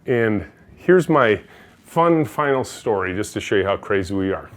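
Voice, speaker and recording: A man's voice: lowish voice, moderate pace. A middle-aged man, a company CEO, giving a storytelling keynote talk and acting out the people in his anecdotes. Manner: energetic, animated storyteller who acts out quotes.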